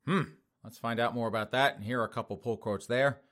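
A man's voice: mid-range voice, brisk, fairly bright tone. Middle-aged male show host; sarcastic news commentary, mocking tone. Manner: mocking, sarcastic, laughs at own jokes. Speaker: podcast host.

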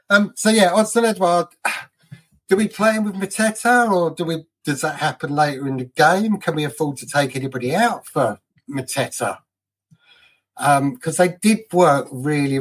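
A man of middle pitch co-hosting a casual football fan podcast. He talks in a loose, chatty way and drifts into anecdotes. His voice sits in an ordinary, unremarkable range. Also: a bit bright. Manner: chatty storyteller, laughs at his own anecdotes. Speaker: podcast co-host.

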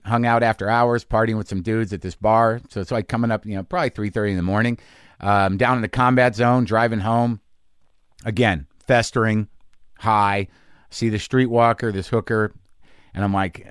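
A middle-aged man hosting a podcast, telling a candid comic story in a halting, confessional way full of fillers. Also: lowish voice, clean tone, dry recording, studio quality. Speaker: podcast host and comedian.

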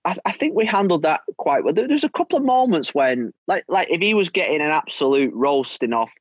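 A middle-aged man with a slightly high speaking voice tells stories as a podcast guest. He trips over his own words, repeating them as he goes, and chuckles often. The dry studio sound has almost no room reflection. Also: very animated, brisk, no room sound, highs cut off. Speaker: podcast guest, former footballer. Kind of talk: anecdotal interview chat.

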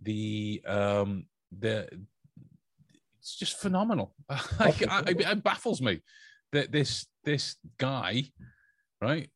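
A man's voice: mid-range voice, big pitch swings, slow, fairly bright tone, no echo, clean studio sound. A man hosting a podcast, telling a story in a casual, joking way with lots of stumbling restarts. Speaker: podcast host. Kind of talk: casual chat.

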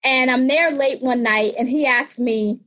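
A woman in her fifties telling a personal story in conversation, animated and acting out the people in it. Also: sits high, a little slow, low-quality recording. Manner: animated, acts out voices in retold scenes.

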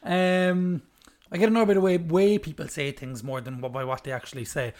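A man's voice: on the high side, fairly even intonation, a little fast, a little mellow. A young man, co-hosting a podcast in casual chat, ranting playfully with lots of swearing, a little tipsy. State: slightly tipsy. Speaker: podcast co-host.

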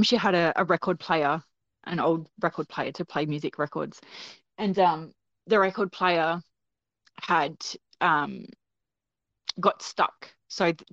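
Woman guest, lower voice, lively storyteller, dull lo-fi sound. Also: no room sound. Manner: animated, acts out quoted voices, laughs often. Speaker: guest telling a personal story. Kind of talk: casual spoken storytelling. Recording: dull, dry lo-fi recording.

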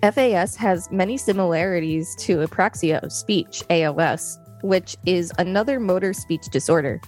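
A woman with a lowish voice co-hosts a podcast and reads a scripted explainer in an even, measured way. Faint music sits under her voice. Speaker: podcast co-host. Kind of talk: reading a scripted explainer in turns.

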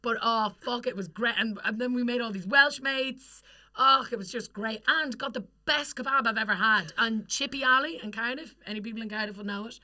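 Sweary, chatty Irish woman, bright voice. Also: on the high side. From Ireland. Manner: chatty, sweary storytelling, quick laughs. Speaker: podcast co-host. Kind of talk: casual chat.

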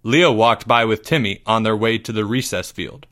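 A man hosting a podcast and reading a children's story aloud in a steady storytelling manner. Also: fairly low pitch, moderate pace.

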